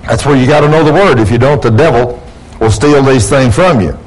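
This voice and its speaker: Through poor audio, a male preacher with a medium-pitched, slightly rough voice speaks fairly quickly. He is giving a sermon in church before his congregation, voicing the characters in his stories with rising emphasis.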